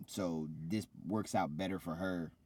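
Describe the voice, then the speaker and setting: A man co-hosting a casual podcast, recapping wrestling in a loose, animated way and acting out quotes. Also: low-pitched, unhurried. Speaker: podcast co-host.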